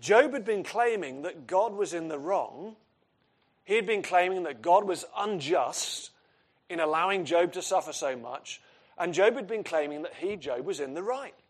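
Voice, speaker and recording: Earnest preacher, fairly high voice. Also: male voice, lively intonation, moderate pace, breathy edge. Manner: earnest, emphatic with rhetorical questions. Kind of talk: expository sermon.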